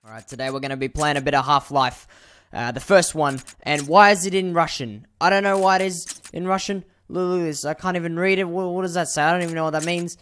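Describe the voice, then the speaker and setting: A young man giving comedic gameplay commentary, excitable and jokey, talking back to the characters on screen. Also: on the high side, fast, clear, resonant tone. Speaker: gaming youtuber.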